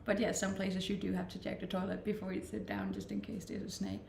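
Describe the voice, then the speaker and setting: Scandi girl streaming, chatty and giggly, bit of vocal fry, echoey room. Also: medium pitch, level tone, a little fast, a little mellow, slight background noise. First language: Scandinavian language. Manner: laughs often, playful and chatty. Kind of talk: casual chat reading out viewer messages. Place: Australia, Gold Coast.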